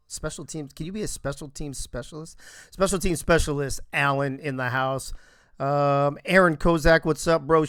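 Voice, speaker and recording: A man hosting a live-streamed show in casual chat, joking and rattling off quick shout-outs to viewers. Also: a little high, clear, resonant tone, dry recording, studio quality.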